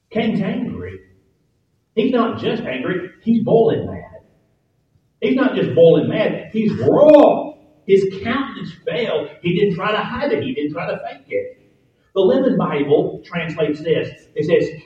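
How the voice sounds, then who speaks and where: A man's voice: high-pitched, big pitch swings, normal speed. A man preaching a sermon with emphatic, repeated points that build up. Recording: echoey, distant, dull sound.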